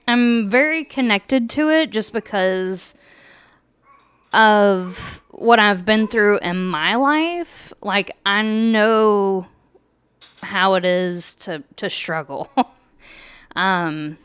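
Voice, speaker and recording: Woman podcast host, unhurried and emotional, very clear close-mic voice with no room sound. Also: mid-range voice, lively intonation, no echo. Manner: slow, soft-spoken, with fillers and nervous laughs. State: emotional, holding back tears. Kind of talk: casual chat with a read-aloud book introduction.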